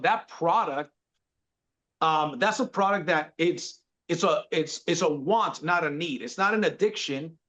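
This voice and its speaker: A man's voice: high voice, fairly bright tone. A man in his forties telling his career story in a laid-back way, calling the listener bro. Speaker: podcast guest. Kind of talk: casual storytelling. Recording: dull lo-fi sound.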